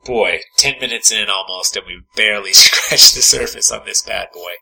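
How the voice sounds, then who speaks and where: A man's voice: lowish voice, normal speed, vocal fry, bright, forceful tone, breathy edge, low-quality recording. A man co-hosting a casual podcast, trading dry joking quips while recapping a TV episode. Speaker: podcast co-host. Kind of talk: casual chat recapping a reality show.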